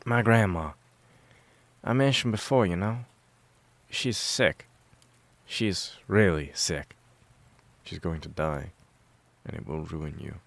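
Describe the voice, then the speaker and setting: A man's voice: deep voice, takes it slowly, vocal fry, long pauses, a bit bright, no room sound, exaggerated voice. A man putting on a chatty young woman. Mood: sad. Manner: chatty, teasing, swears casually. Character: young woman, warm but blunt and scheming.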